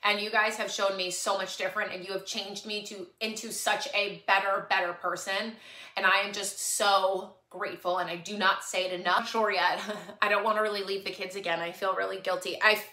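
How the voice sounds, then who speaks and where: A woman's voice: mid-range voice, bright, forceful tone. A woman talking earnestly and tearfully to her followers on a live stream, pleading and repeating herself. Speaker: livestream host. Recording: echoey room.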